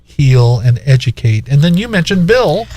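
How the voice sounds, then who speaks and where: A man's voice: fairly high pitch, big pitch swings, normal speed, darkish tone. A middle-aged man hosting a business talk show, chatting casually and laughing often as he tells stories. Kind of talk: casual interview chat.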